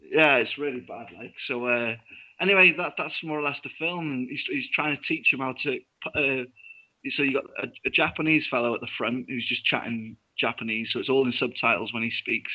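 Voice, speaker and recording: A young man co-hosting a show, casually retelling a film plot in a halting, rambling way with restarts. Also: medium pitch, pushed and bright, poor audio. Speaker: co-host. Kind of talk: casual chat recapping a film.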